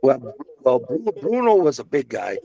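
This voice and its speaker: Gravelly older man telling stories. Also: mid-range voice, very animated, moderate pace, a crowd in the background. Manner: rambling storyteller, many restarts and asides. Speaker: interviewee recalling restaurant days. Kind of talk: casual reminiscing.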